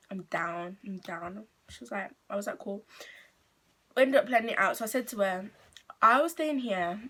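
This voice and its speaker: A woman's voice: medium pitch, a bit bright. Teen English girl for casual vlog storytime; chatty, rambling, unpolished delivery. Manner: chatty, rambling, full of "like" and restarts. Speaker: vlogger.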